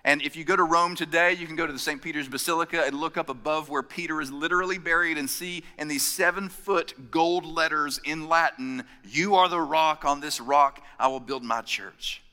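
Male preacher, slightly high voice, lively storyteller who acts out the lines, long church reverb. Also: moderate pace, few pauses. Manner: storytelling with acted-out quotes, swinging from loud to hushed. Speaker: pastor. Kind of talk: sermon.

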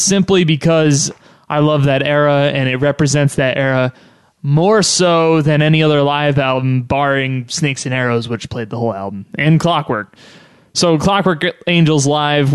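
Smooth-voiced enthusiastic podcast host, man. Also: fairly high pitch, moderate pace, dry recording, studio quality. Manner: chatty and enthusiastic, loose rambling phrasing. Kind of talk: casual chat.

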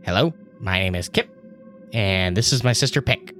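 A man voicing a fussy, stern male gnome inspector who gives slow, officious warnings. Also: on the low side, fairly bright tone, faint music behind, voice pushed down, close to an everyday voice.

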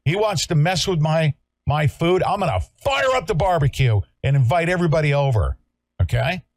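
Gravelly, combative ranting talk-show man. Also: on the high side, animated, normal speed, no room sound. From California. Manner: loud, combative, sarcastic ranting. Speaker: show host. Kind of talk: heated talk-show rant.

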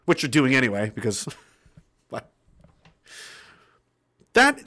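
A man's voice: high-pitched, lively intonation, normal speed, bright, forceful tone. A man giving an angry, sarcastic political rant on a livestream, swearing often and mocking others in quoted asides. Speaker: political commentary streamer. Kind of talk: ranting livestream commentary.

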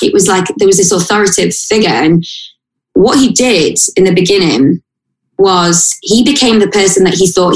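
Halting woman in an echoey room. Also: medium pitch. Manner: halting, emotional, with restarts. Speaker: interview guest. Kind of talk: personal account in conversation. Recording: roomy echo.

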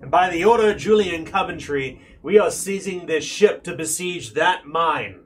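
A gaunt, tall male envoy who speaks in a stiff, formal, slightly raised voice, played by a man in a tabletop game. His delivery is measured and official. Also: on the high side, recorded from a distance, a little hiss or hum, voice pushed up, lightly acted.

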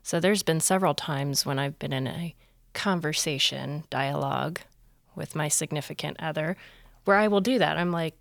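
A woman with a very low voice joins a relaxed discussion. She speaks earnestly and backs her points with her own experiences. The sound is dry and close. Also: moderate pace, vocal fry, no echo. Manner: earnest, illustrates points with personal examples. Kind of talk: conversational discussion.

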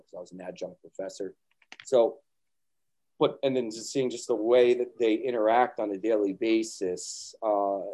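A man's voice: fairly low pitch, dark tone. A man chatting as a podcast guest, telling loose stories full of swearing and acted-out quotes. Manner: storytelling, swears, acts out quotes. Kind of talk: casual chat.

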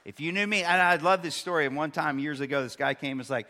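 A pastor in his thirties preaching a sermon, swinging between loud, emphatic peaks and quiet, hushed stretches. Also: on the high side, fast. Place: large church hall. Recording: long church hall reverb.

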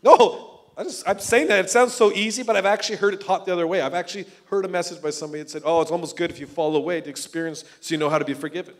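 High-voiced man preaching a lively sermon. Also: racing. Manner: energetic, conversational preaching with acted-out quotes. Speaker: pastor.

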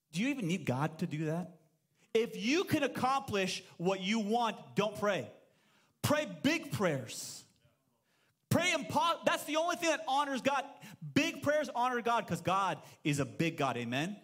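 Animated high-voiced pastor preaching. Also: male voice, a little slow. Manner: animated storytelling with acted-out voices and humor. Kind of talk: sermon. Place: church service.

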